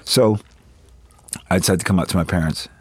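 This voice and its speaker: A man in his fifties, appearing as an interview guest, candidly recounts family stories, laughing often as he imitates his relatives' voices. His low-pitched voice is slightly rough and fairly quick, with no echo in the recording.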